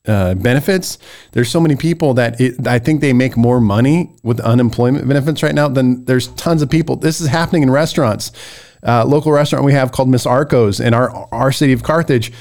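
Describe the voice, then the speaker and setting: A man from the United States hosting a casual podcast, rambling and getting worked up as he rants, with frequent restarts. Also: medium pitch. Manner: animated, rambling, gets worked up. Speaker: podcast host. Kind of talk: casual ranting commentary.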